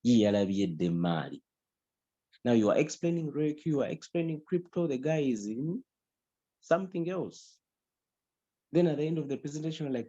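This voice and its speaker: A middle-aged man delivers an emphatic, repetitive business training talk. His voice sits low and mellow, with a husky edge. The recording is dry and somewhat dull. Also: animated, moderate pace, pauses often, dry recording. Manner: emphatic, repetitive, mixes in local language.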